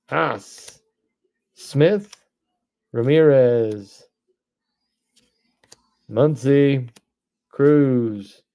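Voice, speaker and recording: A man, hosting a live card break stream, reading off names and breaking into excited shouts. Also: medium pitch, creaky, clear, resonant tone, muffled recording.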